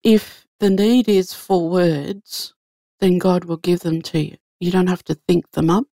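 A woman's voice: fairly low pitch, fairly even intonation, unhurried, mellow, dry recording, studio quality. A woman guest telling an earnest spiritual story in an easy conversational way. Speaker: guest sharing a faith story.

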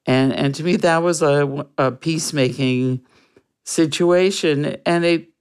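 A guest telling a personal story in an interview, in an earnest, reflective way with soft laughs. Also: medium pitch, clean tone.

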